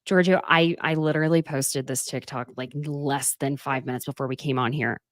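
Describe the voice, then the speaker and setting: A woman hosting a podcast, chatting casually in an animated, breathless way as she recaps and tells stories. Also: a bass voice, normal speed, no echo, clean studio sound. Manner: animated, breathless storytelling with frequent laughs. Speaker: podcast host. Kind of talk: casual gossip chat.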